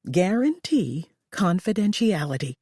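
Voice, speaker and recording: The narrator voicing a wealthy, cornered woman who speaks in a tense, sharp, demanding way. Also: mid-range voice, sing-song, a little slow, husky, no room sound, clean studio sound.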